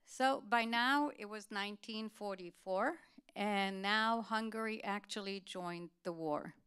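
Woman giving a talk, really smooth clear voice, earnest steady storytelling. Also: mid-range voice, measured pace. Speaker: guest speaker.

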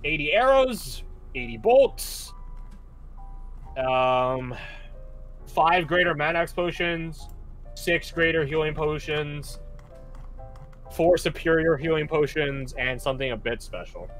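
A man's voice: on the high side, slow pace, pauses often, soft background music. A young man acting as game master, chatting casually and with lots of energy, laughing between lines. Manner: animated, laughing, lots of fillers. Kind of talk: casual tabletop game chat.

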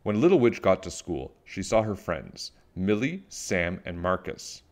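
Lively low-voiced man reading a storybook. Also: unhurried. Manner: animated storytelling. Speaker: children's book reader. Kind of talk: reading a picture book aloud.

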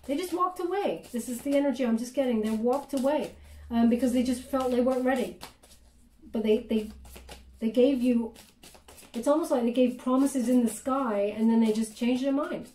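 Tarot reader, female, chatty and hesitant with lots of ums; voice mellow, mic distant. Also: fairly high pitch, unhurried, pauses often, reverberant. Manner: chatty, hesitant, many fillers, drops to soft murmured prayers. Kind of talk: tarot reading monologue.

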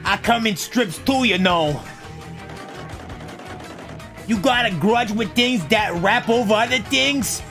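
A man's voice: high-pitched, slow pace, pauses often, a bit bright, faint music behind, pitched above the performer's own voice, heavily acted. A man voicing a tough-talking male tape villain with a put-on New Jersey accent and a swaggering, menacing delivery.

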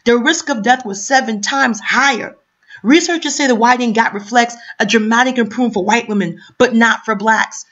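A woman's voice: a little high, normal speed, fairly bright tone. A woman from New York City reading a news article aloud on camera and breaking off into impassioned, emphatic commentary full of rhetorical questions. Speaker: commentary vlogger. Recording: dull lo-fi sound.

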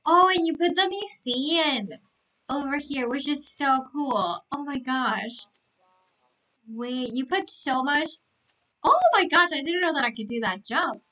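High, bright, gushing young woman. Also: measured pace, low-quality recording. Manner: gushing, gasping, repeats herself. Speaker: live streamer touring a game island. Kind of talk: excited live stream commentary.

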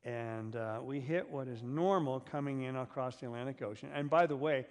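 A man preaching to his congregation, middle pitched and easygoing. He cracks jokes and pulls the listeners in with questions. The sound trails off in the long echo of a church sanctuary. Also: moderate pace. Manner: humorous, asks the congregation questions. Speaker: pastor. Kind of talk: sermon. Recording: long reverb of a church hall.

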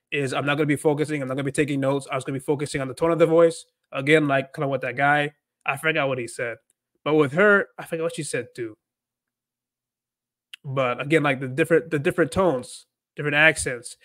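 A man's voice: a little high, fairly bright tone, dry recording. A man hosting a casual livestream, rambling with lots of "like" and restarted sentences. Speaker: host.

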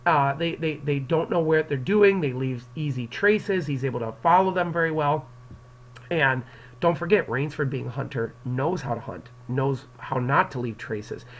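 A male English teacher records a lesson for his class, speaking into an external microphone. His voice sits a little high, and he explains each turn of the plot directly to the students. He breaks into the characters' lines as he reads them. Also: moderate pace, low-quality recording. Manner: explanatory, addresses students directly, acts out quotes. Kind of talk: classroom lecture video.

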